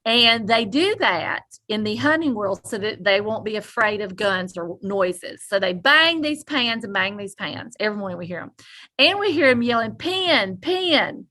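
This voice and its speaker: A woman co-hosting a podcast, telling a story in animated casual chat and laughing often. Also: mid-range voice, moderate pace. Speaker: podcast co-host.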